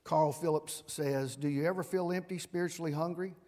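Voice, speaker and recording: A man's voice: a little high, steady tone, fairly quick, a little mellow. A man, a pastor preaching a folksy, self-deprecating sermon and closing in prayer. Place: large church sanctuary. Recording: long reverb in a large hall.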